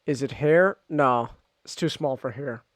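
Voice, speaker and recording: A man's voice: medium pitch, a little slow, no echo. A man streaming a visual novel, reading the narration aloud and chatting casually, repeating himself as he goes. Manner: rambling and animated, repeats words.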